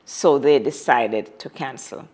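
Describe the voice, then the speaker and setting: A woman's voice: extremely low pitch, takes it slowly, darkish tone. A woman telling a personal story as an interview guest, dramatic and repeating phrases for emphasis.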